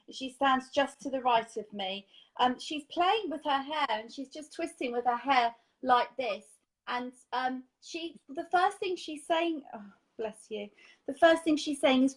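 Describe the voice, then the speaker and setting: A woman's voice: a little high, normal speed, poor audio. A woman giving a psychic reading, speaking affectionately and passing on messages from spirits. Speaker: psychic medium.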